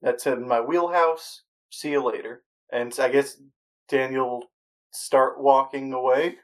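Casual player asking quick questions. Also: mid-range voice, steady tone, low-quality recording. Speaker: tabletop player. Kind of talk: playing a tabletop role-playing game.

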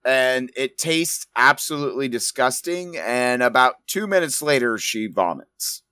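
A man's voice: mid-range voice, lively intonation, a little slow, pushed and bright, clear, resonant tone, no echo, studio quality. A man running a tabletop game as game master, narrating casually and with some swearing.

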